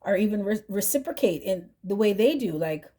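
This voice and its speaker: A woman's voice: mid-range voice, animated, brisk, warm tone. A woman doing a tarot reading, chatty and direct, who keeps asking "right?" and adds "mm-hmm" between thoughts. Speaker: tarot reader.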